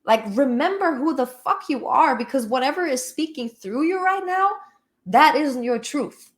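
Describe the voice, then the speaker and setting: A fiery, blunt waitress, as a woman puts her on in a raised, higher voice. She speaks with forceful, challenging demands and swears freely. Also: expressive, normal speed. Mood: fierce, challenging.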